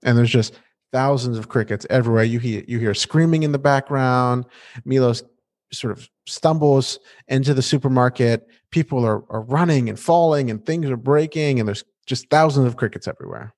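A man's voice: mid-range voice, moderate pace. A man co-hosting a podcast, recapping a TV episode in a playful, casual way. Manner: animated and playful, with restarts. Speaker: podcast co-host.

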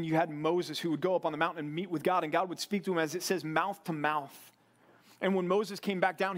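Man preaching, fairly high voice, earnest sermon to a men's group. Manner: earnest preaching, swings between loud emphatic bursts and quiet low asides. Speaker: pastor. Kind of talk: sermon to a men's Bible study.

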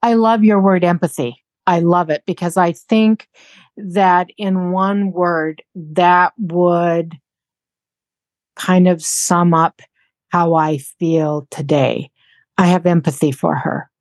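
A woman's voice: lowish voice, fairly even intonation, slow, no echo. A woman in her sixties, a podcast guest, speaking candidly and reflectively, often repeating herself as she thinks. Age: 60s. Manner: soft-spoken, candid, repeats phrases while thinking. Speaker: interview guest.

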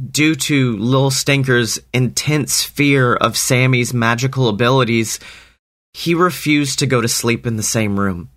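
A man telling an improvised parody story in a slow, earnest, deadpan way. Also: mid-range voice.

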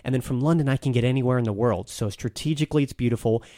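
A man's voice: mid-range voice, rapid-fire, mellow, no echo, clean studio sound. A man talking casually and enthusiastically as a guest on a podcast, telling stories with some restarts.

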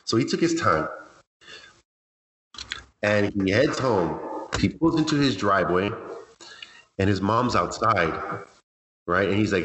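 A man's voice: sits low, normal speed, long pauses, fairly bright tone. A man telling a scary story on a podcast in a conversational way, often checking in with "right?". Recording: echoey room, faint noise.

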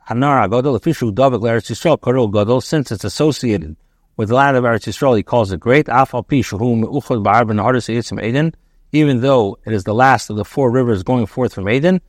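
A man teaching as a rabbi, reading a text phrase by phrase and translating it, pausing with ums and correcting himself. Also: medium pitch, dry recording, clean studio sound. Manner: reads a phrase, then translates it, with frequent ums and self-corrections. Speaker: rabbi teaching a daily Torah class.

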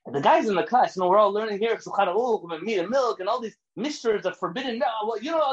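Animated high-voiced man teaching a class. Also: fast, hardly any pauses, lo-fi sound. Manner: animated, emphatic, rises to near shouts. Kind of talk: lecture with storytelling.

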